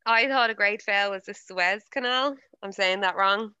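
A young Irish woman co-hosting a podcast, telling stories in an animated way, swearing and laughing a lot. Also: mid-range voice, normal speed, clear, resonant tone, no room sound, dull audio. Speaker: podcast co-host. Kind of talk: casual chat.

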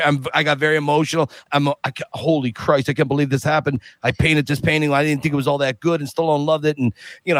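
A middle-aged man, a podcast guest, telling a long story in a lively way and acting out what people said. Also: on the high side, no room sound. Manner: lively, acts out other people's lines while telling. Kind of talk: animated anecdote telling.

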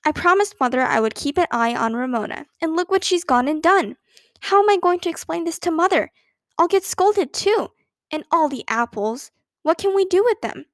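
A woman's voice: extremely high pitch, animated, moderate pace, no room sound, clean studio sound, voice pushed up. A woman voicing a bossy, exasperated schoolgirl big sister who scolds indignantly. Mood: flustered.

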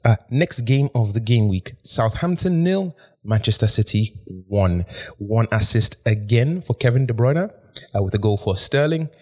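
A man's voice: mid-range voice, expressive, normal speed, warm tone, breathy edge. A man hosting a casual sports podcast, recapping matches in an easygoing, rambling way with fillers. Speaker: podcast host.

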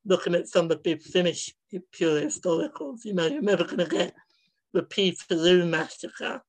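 A man's voice: sits high, animated, moderate pace, low-quality recording. A young man, a podcast guest, chatting casually with a rambling, hesitant flow. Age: young adult. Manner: rambling, lots of fillers and restarts.

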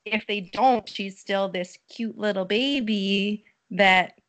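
A woman's voice: medium pitch, slow, a bit bright. A woman who is a mother, guesting on a casual podcast and speaking thoughtfully and hesitantly with many fillers. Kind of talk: casual chat.

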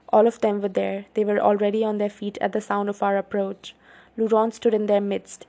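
Female narrator, first-person story reading, steady and level, little pitch movement.

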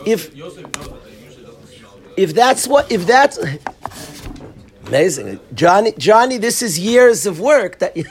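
A man's voice: high voice, big pitch swings, slow, pauses often. A man, a rabbi, giving a casual Torah class to students in a room, telling stories animatedly, acting out quotes and laughing often.

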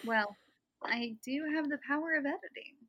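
A woman's voice: high voice, moderate pace, bright, forceful tone, poor audio. A young woman co-hosting a casual Bible study podcast, bubbly and giggly as she explains the text. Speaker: podcast co-host.

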